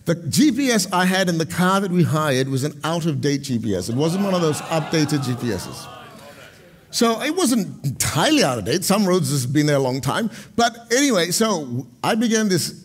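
A middle-aged male pastor preaching a sermon, moving between loud proclamations and quiet, chatty storytelling. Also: sing-song, moderate pace. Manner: dynamic preaching, swings from loud proclamations to low storytelling asides.

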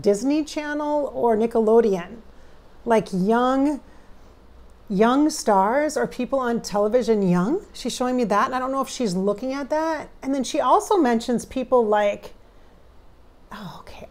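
Chatty woman psychic, higher voice. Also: a little mellow. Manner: chatty, emotional, talks directly to viewers. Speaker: psychic medium. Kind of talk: channeling session.

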